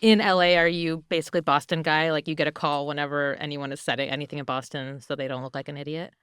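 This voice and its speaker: A woman hosting a podcast interview, friendly and quick to laugh, then reading the closing credits. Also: low voice, fairly even intonation, fairly bright tone, clean tone, dry recording, studio quality. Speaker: podcast host. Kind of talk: interview and scripted outro.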